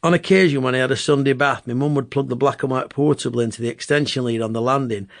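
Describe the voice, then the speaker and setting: A man in his fifties with a Bolton accent, reading his own comic memoir with wry, deadpan asides. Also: mid-range voice, quick pace, no echo, clean studio sound. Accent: Bolton, Lancashire. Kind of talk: comic memoir audiobook narration.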